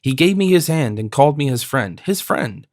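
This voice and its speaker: A man voicing a cowardly, greedy fifty-year-old mercer in an audiobook, puffed up with pride and quick to panic. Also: mid-range voice, lively intonation, a little mellow, no room sound, clean studio sound, natural voice. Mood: pompous. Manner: pompous, then nervous. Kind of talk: audiobook character voice.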